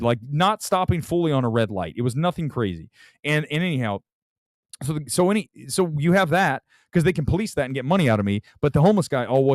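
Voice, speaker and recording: A man talks in a loose, rambling rant, full of sarcastic asides. His pitch swings widely from low grumbles up to high, incredulous peaks. The sound is dry and close, with no room around it. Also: darkish tone, no room sound. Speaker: podcast host. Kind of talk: casual opinionated chat.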